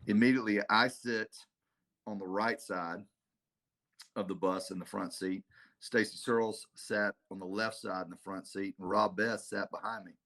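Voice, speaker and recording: Man, gravelly low voice, bright edge, lively storyteller. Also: moderate pace. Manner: animated storyteller, acts out quotes with big pitch jumps. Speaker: head football coach, guest. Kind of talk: casual storytelling interview.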